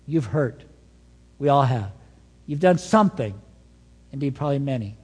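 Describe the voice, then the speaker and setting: A man preaching a sermon as pastor, telling stories with an animated delivery that swings between soft asides and emphatic points. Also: medium pitch, normal speed, husky, in a large hall.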